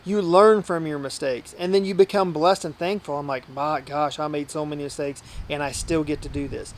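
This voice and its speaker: A man's voice: on the high side, steady tone, moderate pace, a little hiss or hum. A man who works as a hunting outfitter and guide, telling stories in a casual podcast interview. He talks earnestly and at length, often acting out what people said to him. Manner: earnest, talkative, often acts out quoted dialogue.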